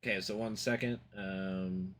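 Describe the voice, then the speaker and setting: A young man streaming live, rambling excitedly and cursing as he reacts to a game trailer. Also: low-pitched, a little slow. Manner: excitable, rambling, swears freely. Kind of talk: casual live-stream commentary.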